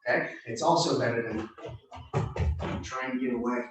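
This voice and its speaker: A man teaching a self-defense drill, giving calm, reassuring, repeated cues to a student. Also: mid-range voice, normal speed, music in the background. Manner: reassuring, repetitive coaching cues. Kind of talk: coaching a drill. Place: martial arts gym. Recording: very echoey room, from far off.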